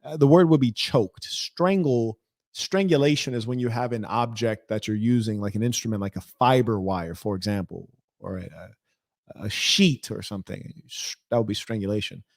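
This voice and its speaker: A man's voice: lowish voice, moderate pace, no room sound, studio quality. A man hosting a reaction video, speaking in an indignant, rambling and emphatic way. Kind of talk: reaction commentary.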